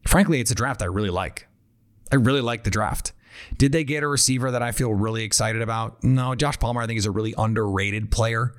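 A man's voice: lowish voice, brisk. A man hosting a football talk show, thinking aloud and breaking down draft picks in a conversational way. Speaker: football analyst host. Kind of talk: casual draft analysis talk.

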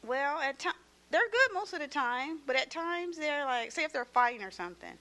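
A mother talking about her family, hesitant and halting, searching for her words. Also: sits high, very animated, sharp tone. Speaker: guest, mother of children. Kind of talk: personal conversation.

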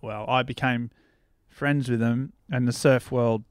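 A man's voice: mid-range voice, fairly even intonation, a little slow, clear, resonant tone, no room sound, clean studio sound. Rambling, laughing male surf writer. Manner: rambling, laughing, self-deprecating. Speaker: surf writer and podcast guest. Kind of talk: casual interview chat.

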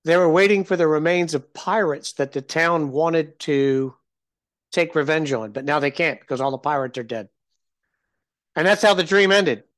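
A middle-aged man hosts a casual podcast, rambling through stories with self-mocking humor. His voice sits a little higher than most men's. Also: normal speed, a bit bright. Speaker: podcast host. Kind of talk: casual storytelling and show intro.

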